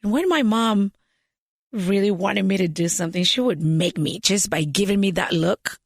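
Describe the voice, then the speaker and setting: Animated woman. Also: medium pitch, normal speed, no echo, clean studio sound. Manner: animated storyteller, switches into Spanish phrases. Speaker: podcast guest, business founder. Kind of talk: storytelling in an interview.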